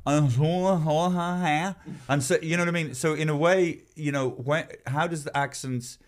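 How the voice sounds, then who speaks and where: A man's voice: a little high, fairly quick. A man hosting a podcast, rambling in casual chat with stammering restarts and playful impressions. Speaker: podcast host.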